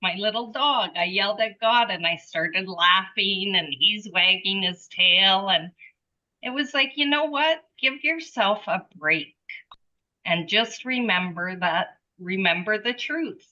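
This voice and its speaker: A woman telling a personal story in a group discussion over a video call, animated and acting out her own thoughts. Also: medium pitch, slow pace, highs cut off. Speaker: group participant. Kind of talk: casual spiritual sharing.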